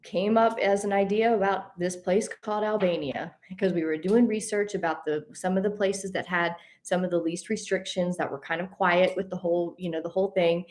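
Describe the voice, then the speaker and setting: Animated woman telling a story. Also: lowish voice, a little fast, hardly any pauses. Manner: animated, addresses listeners as y'all. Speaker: host. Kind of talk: casual storytelling.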